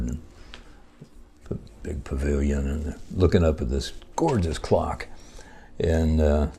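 A man with a very low, husky voice telling jokes in a relaxed way. His tone is dark and mellow, and he chuckles as the punchlines land. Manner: laughs at his own punchlines.

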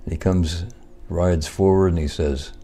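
An older man with a very low, deep voice spins a folksy joke at an easy pace. He rambles along with fillers and small chuckles before he lands the punchline. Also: fairly even intonation, a little slow, warm tone, slightly rough. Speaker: joke teller.

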